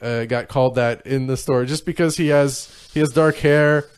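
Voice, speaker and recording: A man co-hosting a comedy podcast, chatting casually and throwing in quick wisecracks. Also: medium pitch, steady tone, clear, resonant tone. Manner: quick wisecracks, frequent agreeing interjections. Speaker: podcast co-host.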